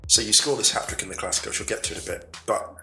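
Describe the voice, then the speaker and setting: Quick eager male podcast host. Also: on the low side, creaky, sharp tone, echoey room, soft background music. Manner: eager, laughs a lot, stumbles into questions. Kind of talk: casual interview chat.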